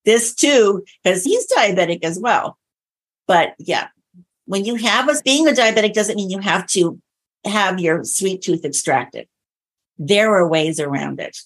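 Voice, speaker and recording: A middle-aged woman, a nutrition coach, chatting as a guest on a podcast and telling stories with lively quoted dialogue. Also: medium pitch, measured pace. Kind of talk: casual podcast interview.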